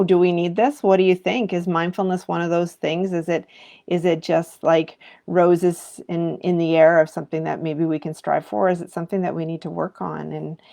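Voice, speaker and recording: A woman in her thirties or forties speaks as a mindfulness teacher, addressing educators in an earnest, reflective live talk. Her voice sits a little low and carries a gravelly fry. She keeps turning rhetorical questions back to her viewers. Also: darkish tone.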